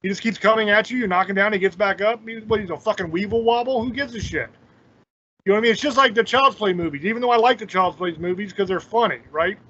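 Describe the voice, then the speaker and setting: Casting: high-pitched male host, blunt and profane, dull lo-fi sound. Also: quick pace, sharp tone. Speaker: podcast host. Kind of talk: casual chat. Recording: dull lo-fi audio.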